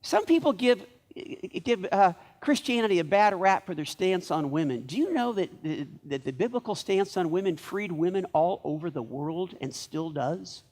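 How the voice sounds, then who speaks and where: A man preaching a sermon as pastor of a church, telling stories in a lively way and acting out the lines of the people in them. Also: sits high, normal speed.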